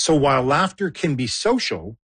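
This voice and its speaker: A man's voice: medium pitch, very animated, moderate pace, very noisy. A man hosting and narrating a documentary with playful, wry asides. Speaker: host and narrator.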